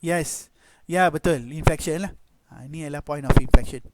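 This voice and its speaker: A man with a Malaysian accent teaches a math class online, switching between English and Malay and often saying "okay" and "lah." His voice is fairly high and fairly quick, and the recording carries loud background noise with clicks.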